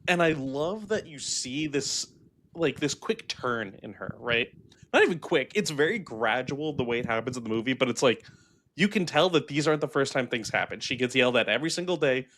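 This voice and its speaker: A young man co-hosting a casual movie review chat, animated and acting out quotes from scenes. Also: mid-range voice, a little fast. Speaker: movie review podcast co-host.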